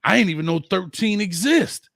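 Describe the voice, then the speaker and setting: A man hosting a casual sports debate, excitable and quick to cut in. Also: sits high, creaky, no room sound, studio quality. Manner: excitable, cuts in often. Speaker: host.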